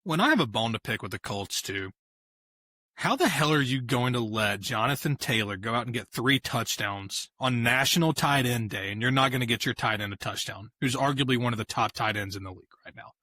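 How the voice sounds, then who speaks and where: A man's voice: mid-range voice, lively intonation, a little fast, pushed and bright, no room sound. A man co-hosting a casual sports podcast, talking animatedly and laughing easily. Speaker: podcast co-host.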